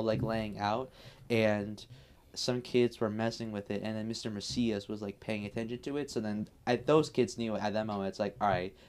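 A man's voice: lowish voice, a little mellow. A young man telling a school story in casual chat, rambling and full of restarts.

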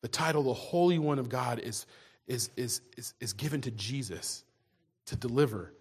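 A man's voice: mid-range voice, moderate pace, husky. A man preaching a sermon in a conversational way, often restarting and repeating words as he goes. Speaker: pastor.

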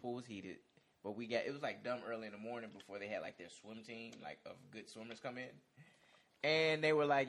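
A young man chatting casually and joking with quick comebacks. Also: medium pitch, fairly bright tone, slight background noise. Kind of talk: casual chat.

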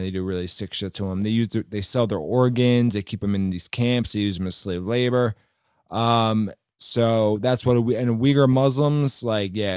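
Blunt, swearing podcast host, dry sound. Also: male voice, medium pitch, darkish tone, no echo. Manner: loose and blunt, swears freely. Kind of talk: casual political commentary.

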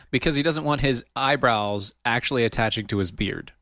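A man's voice: mid-range voice, moderate pace, fairly bright tone, no echo, studio quality. A man hosting a radio show, bantering in a wry, laid-back way. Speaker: radio host.

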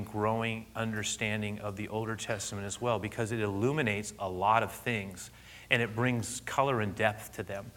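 A middle-aged man preaching, a pastor telling a lively personal story before moving into the sermon. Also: on the low side. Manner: animated storyteller, laughing and loud at punchlines.

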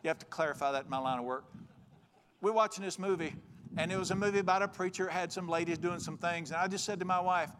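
A man's voice: high voice, fast talker, fairly bright tone. A man preaching a folksy, joking, emphatic sermon. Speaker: pastor.

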